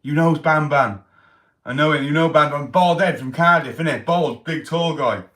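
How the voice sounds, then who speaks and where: A man's voice: a little high, moderate pace, bright, forceful tone. A man hosting a casual livestream, reading out chat comments and telling stories in street slang. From Wales. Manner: chatty, street slang, reads chat aloud. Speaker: livestream host.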